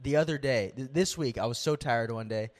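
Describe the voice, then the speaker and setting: A man's voice: mid-range voice, brisk. A young man co-hosting a podcast, chatting casually in a laid-back way and laughing often. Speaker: podcast co-host. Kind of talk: casual chat.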